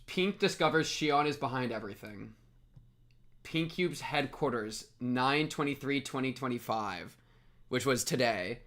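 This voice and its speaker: A man's voice: mid-range voice, animated, a little slow, a bit bright. A young man on a live stream, chatting casually with viewers, laughing at himself and reacting to what they send in. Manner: giggly, self-mocking, talks straight to chat.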